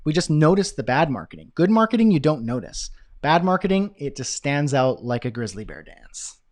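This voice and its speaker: A man teaching a live online business course, talking in an energetic, chatty way with self-deprecating asides. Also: fairly high pitch, normal speed. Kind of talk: live webinar presentation.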